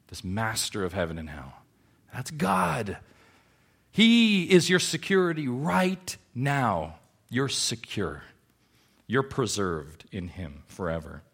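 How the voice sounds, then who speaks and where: A man's voice: on the low side, very animated, slow, creaky, a bit bright, slightly rough. A male pastor preaching a Sunday sermon in church, emphatic and full of rhetorical questions. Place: church service.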